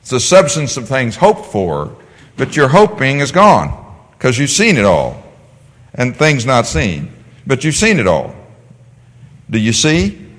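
A man teaching a Bible class, animated, asking the class questions and answering them himself. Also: medium pitch, a little slow, pauses often. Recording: long hall reverb.

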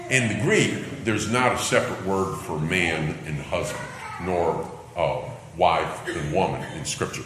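A man's voice: low-pitched, animated, measured pace, a bit bright, a little hiss or hum. A man teaching through a scripture passage in sermon style, with conversational asides and light laughter. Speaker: Bible teacher. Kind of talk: expository sermon reading and explaining scripture. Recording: echoey hall with faint ambience.

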